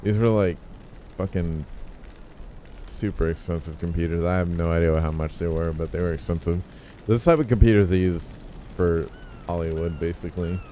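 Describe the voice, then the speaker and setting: A man streaming a game, chatting casually in a rambling, profane, excitable way. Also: deep voice, a little hiss or hum. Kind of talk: casual gaming stream chat.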